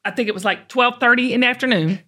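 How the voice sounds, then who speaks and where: A woman from the American South with a Southern accent, hosting a podcast in an animated, folksy, chatty way. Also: a little high, quick pace. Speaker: podcast host. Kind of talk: casual chat.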